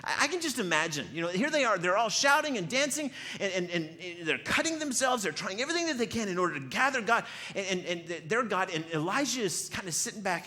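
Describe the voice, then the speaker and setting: Animated bright-voiced male pastor. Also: high-pitched, fast talker, few pauses. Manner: animated, acts out quotes, repeats words. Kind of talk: sermon storytelling. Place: church.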